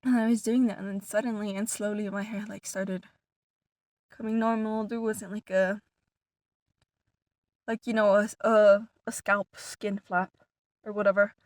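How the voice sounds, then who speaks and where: A woman's voice: medium pitch, moderate pace, pauses often, dry recording. A woman telling a long story casually to her viewers, rambling with many "like" fillers and restarts, sometimes dropping to a whisper. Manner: animated retelling, some words dropped to a whisper. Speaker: vlogger.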